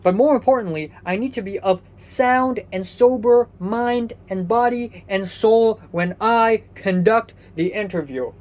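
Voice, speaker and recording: With a high-pitched, darkish voice, a young Hong Kong man rants a little slowly, hardly pausing at all. The vlogger sounds angry, exasperated and sleepy, swearing constantly and restarting his rambling sentences.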